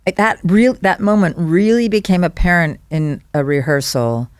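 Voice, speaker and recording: Podcast guest, woman; chatty and animated, jumps into character voices mid-story. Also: lowish voice, moderate pace, no echo, studio quality. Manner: animated storyteller acting out quoted dialogue. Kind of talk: casual podcast conversation.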